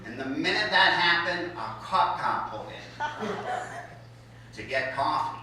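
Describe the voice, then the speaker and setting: A man with a fairly high, bright, forceful voice tells a story at an unhurried pace, expressive throughout, over slight background noise. It's a stand-up set, blunt, profane, and self-mocking, performed for a live audience in an echoey college hall, with the mic heard from a distance.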